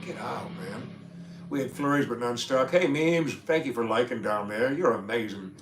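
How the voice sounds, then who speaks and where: A man hosting a livestream, chatting casually with viewers and reading comments, excitable and rambling. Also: mid-range voice, moderate pace, faint music behind. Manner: excitable, animated, rambling with restarts. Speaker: livestream host. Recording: roomy echo with faint ambient noise.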